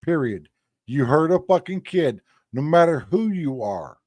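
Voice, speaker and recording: A man's voice: on the high side, big pitch swings, unhurried, a little mellow, dry recording, clean studio sound. A man ranting on a live stream in a crude, blunt and angry way. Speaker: streamer commenting on clips. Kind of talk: profane live-stream rant.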